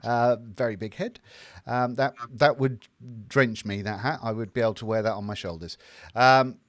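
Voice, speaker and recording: A man's voice: mid-range voice, moderate pace, no room sound, studio quality. A man from the United Kingdom co-hosting a casual livestream, reading out viewer comments in a jokey, chatty way with plenty of fillers. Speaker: livestream co-host reading chat. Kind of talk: casual live chat.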